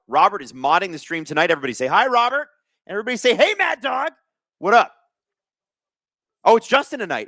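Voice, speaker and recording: A man in his thirties from Canada runs a casual live hockey stream, mixing play calls with jokes and chat shout-outs. His voice is bright and forward, swinging widely in pitch. The sound is dry and close, with little room around it. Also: no echo. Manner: jokey, reads chat aloud, bursts of excitement. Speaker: host of a live hockey watch-along stream.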